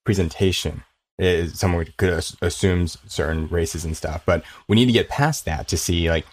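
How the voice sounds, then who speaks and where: A man hosting a podcast in casual conversation, animated and quick, laughing easily. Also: deep voice. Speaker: podcast host.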